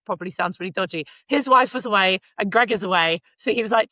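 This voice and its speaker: Talking fast in a mid-range voice that's pushed and bright, this woman co-hosts a podcast from Canada. Her storytelling is chatty and rambling with many fillers, recorded without any room sound.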